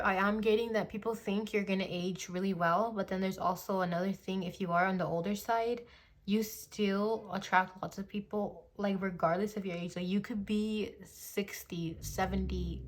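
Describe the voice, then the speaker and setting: A tarot reader in her twenties rambles through a casual phone reading, leaning on "like" and "you know" and occasionally slipping into gushing quoted voices. She has a mid-range voice.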